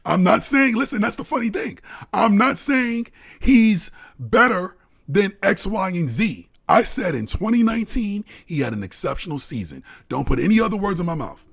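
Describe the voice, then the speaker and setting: A man's voice: high voice, sing-song, moderate pace, creaky, a bit bright, slightly rough. A man co-hosting a live sports podcast, arguing heatedly in casual talk, swearing, laughing and repeating himself as he presses his point. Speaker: podcast co-host.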